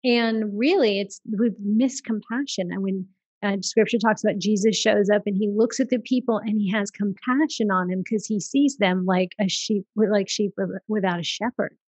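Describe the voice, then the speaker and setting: A woman's voice: medium pitch, fairly even intonation, normal speed, a little mellow, husky, no echo. A woman hosting a faith-based conversation, talking earnestly and affirming her guest often. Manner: earnest, affirming, frequent listening sounds. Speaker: podcast host.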